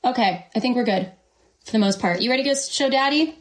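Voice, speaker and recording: A woman's voice: fairly high pitch, fast talker. A young woman chatting casually on a live stream at home, gushing over her dogs. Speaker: livestream host. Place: home, indoors.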